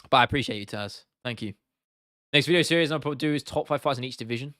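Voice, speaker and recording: A man's voice: medium pitch, fast talker, pushed and bright, no echo, clean studio sound. A young English man with an English accent, chatting casually on a live stream, reading chat aloud and swearing freely. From England.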